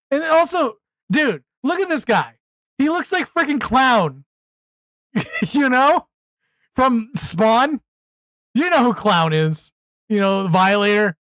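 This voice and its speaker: A man's voice: very high voice, big pitch swings, slow, long pauses, a bit bright, no room sound. A man hosting a live reaction stream, talking bluntly and exclaiming, often repeating himself when worked up. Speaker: streamer host.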